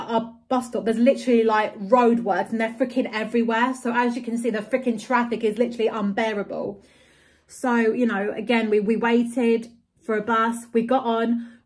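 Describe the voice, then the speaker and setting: A young woman tells a long, rambling story in a casual vlog. She sounds exasperated, swears freely and fills her sentences with "like" and "um". Her voice sits a little high. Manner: exasperated, swears often, rambling with many fillers. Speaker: vlogger.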